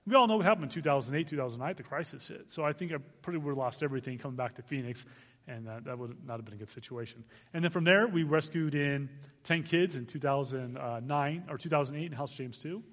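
Man telling his story, high voice. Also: fast talker, long reverb tail. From Arizona, United States. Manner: animated storytelling with laughs. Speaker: guest speaker, missionary. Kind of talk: testimony talk to a church. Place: church sanctuary.

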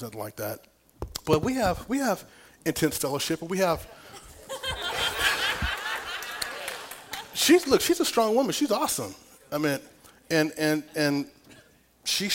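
A middle-aged man preaching a sermon, telling a personal story with big swings from whispers to loud, laughing exclamations. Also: a little high, a little hiss or hum. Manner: animated storytelling, dropping to whispers and rising to near shouts.

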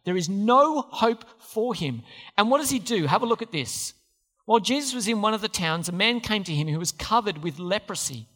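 A man's voice: high voice, animated, fast talker, a bit bright, big-room sound. A man preaching a sermon as pastor, emphatic and repeating key phrases. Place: church.

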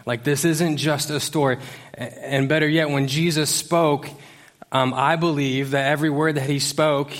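A man's voice: fairly high pitch, fairly even intonation, moderate pace. A man preaching as youth pastor to a church congregation, talking in a casual, joking way with lots of fillers and restarts. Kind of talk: conversational sermon. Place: church service before a congregation.

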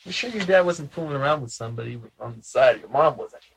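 A man's voice: mid-range voice, lively intonation, fast, creaky, slight background noise, rough recording. A man in casual conversation who asks a lot of curious questions and laughs easily.

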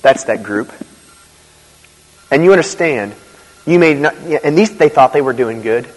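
A man's voice: medium pitch, normal speed. Man preaching in a reverberant hall. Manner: conversational, animated preaching with asides and laughs. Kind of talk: sermon. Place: church.

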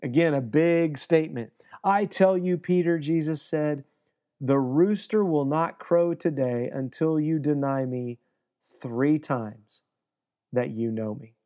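A man's voice: fairly high pitch, slow, dark tone. A man preaching a sermon, earnest, briefly acting out the people in the scripture story. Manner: earnest, acts out quoted dialogue. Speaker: pastor.

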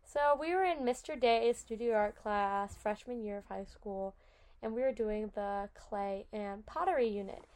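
A young adult woman hosting a podcast, telling stories in a chatty, animated way full of "like" and "oh my God". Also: medium pitch, measured pace. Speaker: podcast host. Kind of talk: casual storytelling.

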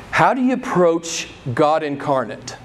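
A man preaching a sermon, emphatic and conversational, pressing the congregation with repeated rhetorical questions. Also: slight background noise. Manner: emphatic, rhetorical questions, wide swings in pitch and loudness. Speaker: pastor.

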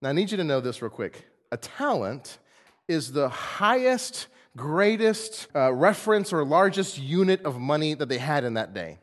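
Animated preacher man in an echoey church. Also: a little high, normal speed. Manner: animated, playful, acts out quotes in voices. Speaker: pastor. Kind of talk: sermon. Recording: long hall reverb.

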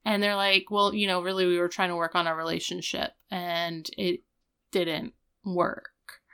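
A woman's voice: lowish voice, flat delivery, measured pace, a bit bright, clear, resonant tone. A woman co-hosting a casual recap chat, retelling scenes and quoting the characters as she goes. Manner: retells scenes with quoted voices. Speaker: podcast co-host.

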